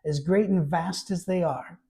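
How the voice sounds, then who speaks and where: Mellow-voiced man preaching conversationally. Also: high-pitched, unhurried, gravelly. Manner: emphatic, repeats key phrases. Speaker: preacher and Bible storyteller. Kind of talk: conversational sermon.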